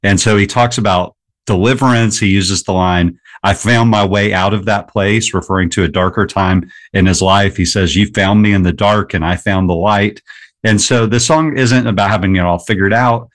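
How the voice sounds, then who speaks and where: A man's voice: fairly low pitch, fairly even intonation, normal speed. A man speaking as a radio guest, talking in an earnest, reflective manner about a song. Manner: earnest, reflective, laughs easily. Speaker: guest, blogger. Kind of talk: casual radio conversation. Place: radio studio. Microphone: studio microphone.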